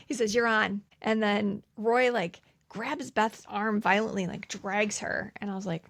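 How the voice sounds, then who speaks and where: A woman's voice: medium pitch, fairly even intonation, unhurried, creaky. A woman co-hosting a podcast, casually retelling film scenes and acting out the characters' lines between laughs. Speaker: podcast co-host. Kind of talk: casual movie recap chat.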